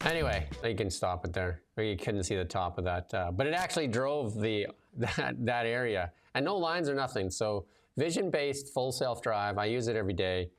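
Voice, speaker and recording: A man's voice: medium pitch, normal speed, few pauses, faint music behind. A man hosting a casual livestream chat, loose and talkative with lots of fillers as he tells stories. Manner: loose and chatty, many fillers, lively storytelling. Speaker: show host and commentator.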